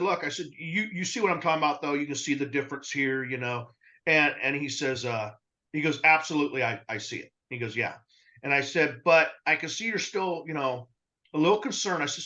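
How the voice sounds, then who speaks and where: A man co-hosting a podcast, telling a customer story in casual talk and acting out the dialogue. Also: fairly high pitch. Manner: animated storyteller, acts out dialogue. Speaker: rug cleaning business co-host. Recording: dull lo-fi sound.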